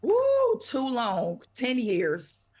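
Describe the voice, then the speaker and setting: A woman co-hosting a sports talk show in a casual debate, chatty and quick with interjections. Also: fairly high pitch, lively intonation, a bit bright.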